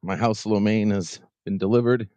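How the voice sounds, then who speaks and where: A man's voice: on the low side, steady tone, moderate pace, warm tone, clean tone, no echo. A man chatting casually on a live-stream voice call, joking and restarting his words.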